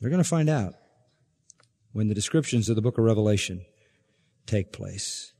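An older man preaching a sermon, emphatic, swinging between forceful peaks and quiet, low passages. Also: lively intonation, normal speed, gravelly, slightly rough. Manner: emphatic preaching, rising to loud peaks and dropping to hushed, low lines. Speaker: pastor. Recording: long hall reverb.

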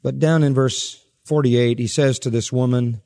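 A man preaching a sermon as pastor, emphatic, with sharp rises in pitch and soft drops at the ends of phrases. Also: steady tone, normal speed, vocal fry, big-room sound.

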